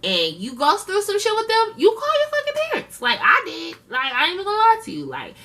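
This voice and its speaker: A woman's voice: very high voice, wildly swooping pitch, brisk, sharp tone, far from the mic. A woman giving blunt, slangy, profane casual commentary as a reality show reviewer, talking straight to her viewers. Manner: chatty, addresses viewers directly.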